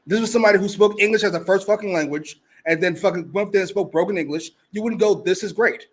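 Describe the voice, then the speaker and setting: A man's voice: high voice, fast. A man co-hosting a wrestling review show, casual and heated, arguing and swearing in exasperation. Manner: exasperated, profane, argumentative. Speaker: co-host.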